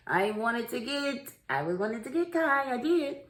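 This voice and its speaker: A woman's voice: fairly high pitch, takes it slowly. A woman recapping a series in a casual, opinionated way, acting out the characters' lines as she tells it. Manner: animated, opinionated storytelling with acted-out quotes. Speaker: show recap reviewer.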